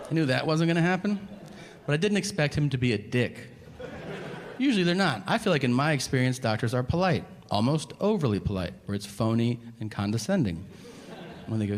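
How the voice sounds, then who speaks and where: A man performing stand-up comedy, telling stories in a profane, animated way and acting out both sides of each exchange. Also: a little fast. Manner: animated, profane, acts out both sides of dialogues, voice jumping high for disbelief. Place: comedy stage before a laughing audience. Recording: live stage mic with audible noise.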